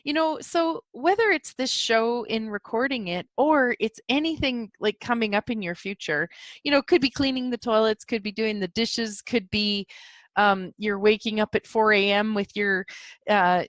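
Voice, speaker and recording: A woman's voice: fairly high pitch, moderate pace, fairly bright tone, no room sound. A woman hosting a solo podcast, rambling and giggling as she talks through yawns about spiritual ideas. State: yawning, sleepy. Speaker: podcast host. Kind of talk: casual solo podcast talk.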